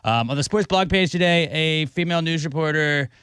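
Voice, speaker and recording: A man, reading a brisk sports update on radio. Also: fairly high pitch, a bit bright, clean tone, dry recording, clean studio sound. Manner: brisk, reads scores. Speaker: sports reporter. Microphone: studio microphone.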